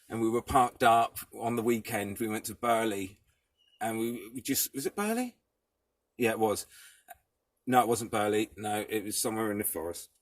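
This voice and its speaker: Vlogger, adult man, husky, dry close sound, loose sweary ramble. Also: lowish voice, fairly bright tone, no echo. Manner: rambling, swears freely, laughs things off. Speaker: vlogger living in a van. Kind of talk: casual rambling chat to camera. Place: inside his parked van, door open, cold.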